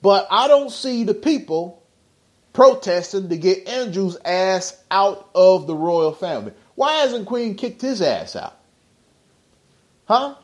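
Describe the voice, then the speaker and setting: A man's voice: sits high, very animated, takes it slowly. A man hosting a podcast, ranting bluntly in slangy, profane casual talk with heated rhetorical questions. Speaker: podcast host.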